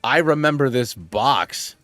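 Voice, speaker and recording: A man in his thirties streaming a game, chatting casually in a rambling, excitable way with many restarts and tangents. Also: mid-range voice, measured pace, no room sound, studio quality, soft background music. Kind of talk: casual gaming stream chat.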